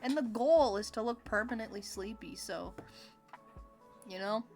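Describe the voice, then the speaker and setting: A woman livestreaming a video game, chatting casually with her viewers in a giggly, expressive, playfully complaining way. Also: mid-range voice, a little slow. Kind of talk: casual gameplay chat with viewers. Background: faint game music.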